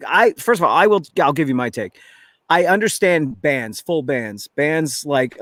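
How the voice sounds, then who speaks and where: A man with a fairly high voice hosts a casual talk show over drinks. He rambles and corrects himself mid-sentence. The recording is close and dry. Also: a bit bright, no echo. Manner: chatty, rambling, self-correcting. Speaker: show host.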